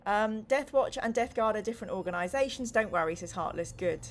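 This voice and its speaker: A woman's voice: on the high side, moderate pace, soft background music. A woman hosting a casual gamebook playthrough, reading viewer comments aloud in a playful tone and narrating the story with dramatic flair. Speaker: host playing a gamebook. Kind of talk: casual game playthrough chat.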